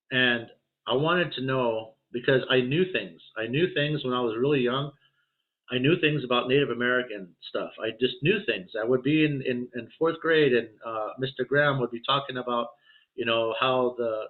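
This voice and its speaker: A middle-aged man recounts his stories in a lively, casual way, slipping into the voices of the people he quotes. His voice sits at an ordinary pitch for a man. The sound is thin and narrow, like a phone line. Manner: animated storyteller acting out quoted voices. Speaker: podcast guest, healer. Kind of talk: storytelling in a casual interview.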